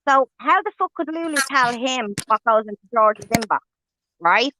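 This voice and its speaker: An expressive woman with a slightly high, bright, forceful voice rants heatedly on a livestream, swearing with heavy stress at a moderate pace. No echo is present, but the stream audio is dull and lo-fi.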